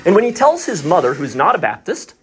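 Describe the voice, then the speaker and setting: A man telling a story in a casual, animated way as a podcast guest. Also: a little high, a little fast. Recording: noisy recording.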